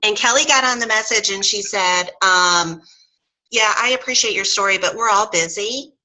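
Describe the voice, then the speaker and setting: A woman's voice: mid-range voice, moderate pace, bright, forceful tone, low-quality recording. A middle-aged woman telling her story in a casual interview chat, often acting out what others said. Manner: chatty storyteller, acts out quoted voices. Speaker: guest sharing her story.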